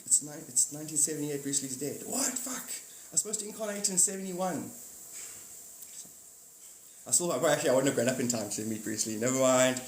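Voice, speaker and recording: A man's voice: fairly high pitch, fairly quick. A man hosting a casual live stream, rambling and joking, swearing now and then and acting out silly voices. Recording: echoey room with faint noise.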